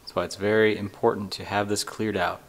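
A man hosting a hands-on repair tutorial, walking through each step in a relaxed way with dry, sarcastic asides. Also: lowish voice, a little fast. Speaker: DIY motorcycle repair tutorial host. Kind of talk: casual how-to walkthrough.

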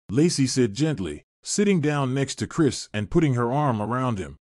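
A man narrates a scripted story in an even, steady storytelling manner. His voice sits at a middle pitch. The recording is dry and close, with no room echo. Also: moderate pace, few pauses.

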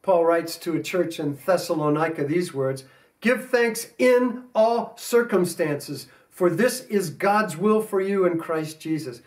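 A man with an American accent preaching a sermon as pastor, earnest, with slow emphatic stresses. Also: high voice, animated, far from the mic. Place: church sanctuary.

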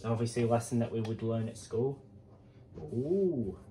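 A man's voice: medium pitch, little pitch movement, quick pace, warm tone, slight background noise. A man hosting a vlog, chatting casually as he counts down a guessing game for viewers. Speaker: vlog host.

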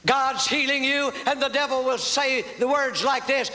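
A man's voice: extremely high pitch, a little slow, hardly any pauses, pushed and bright. A man preaching a fervent sermon as pastor, calling for responses from the congregation. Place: church sanctuary. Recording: reverberant church hall with faint noise.

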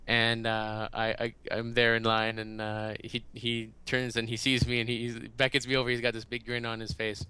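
A man as a podcast guest, telling stories in a halting, animated way and acting out quotes in a raised voice. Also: mid-range voice, clear, resonant tone. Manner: halting, often restarts. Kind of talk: casual storytelling in an interview.

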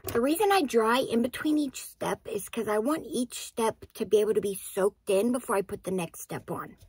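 Gravelly-voiced woman giving a skincare tutorial. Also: on the high side, darkish tone, no room sound. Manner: chatty, explains each step. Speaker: beauty vlogger.

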